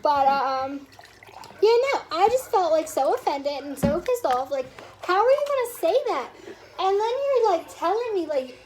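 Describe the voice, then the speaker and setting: A woman's voice: very high-pitched, sing-song, normal speed, darkish tone, slight background noise, rough recording. A woman in her twenties telling a story in a casual vlog rant, rambling and swearing freely, with her small children around her at home. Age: 20s. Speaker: vlogger.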